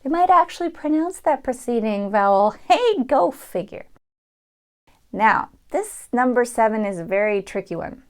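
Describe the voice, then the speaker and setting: A woman's voice: a little high, sing-song, moderate pace. Woman teaching sounds. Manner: demonstrates sounds, switching in and out of an Irish accent. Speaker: accent coach. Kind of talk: dialect tutorial.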